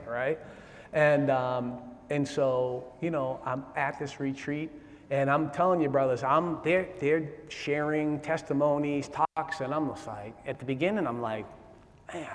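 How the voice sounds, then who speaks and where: A man giving a personal testimony in a lively, streetwise way, often asking "right?" of his listeners. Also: fairly high pitch. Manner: animated, streetwise, repeats "right?" to the crowd. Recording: long hall reverb.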